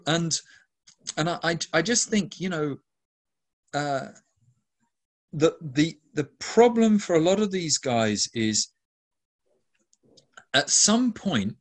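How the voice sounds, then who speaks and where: A man leading a Christian ministry, answering interview questions in an earnest way, often restarting and stacking lists of emphatic words. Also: fairly high pitch. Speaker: ministry leader.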